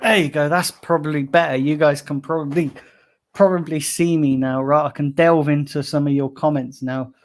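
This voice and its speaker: A man's voice: fairly high pitch, fairly even intonation, normal speed. Fuming man ranting on stream. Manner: angry, swearing, ranting. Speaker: football fan live streamer. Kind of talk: live stream rant reading chat comments.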